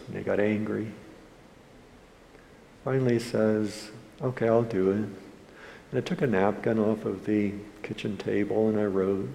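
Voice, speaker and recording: A male pastor with a low, dark, gravelly voice, preaching a sermon in which he tells an earnest story. His voice rings in a church hall with a long reverb and faint room noise. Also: fairly even intonation, normal speed, long pauses. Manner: earnest storytelling, quoting others in dialogue.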